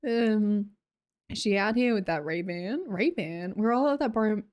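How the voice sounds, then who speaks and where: A woman's voice: mid-range voice, animated, moderate pace, darkish tone, clean tone, lo-fi sound. A young Australian woman hosting a livestream, chatting casually, reading viewer comments aloud and laughing often. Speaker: livestream host.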